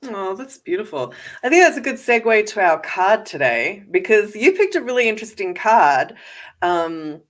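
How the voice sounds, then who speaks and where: A woman's voice: medium pitch, very animated, normal speed. A woman hosting a podcast, chatting casually and filling her talk with "like" and "you know". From Australia. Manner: chatty, uses "like" often. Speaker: podcast host.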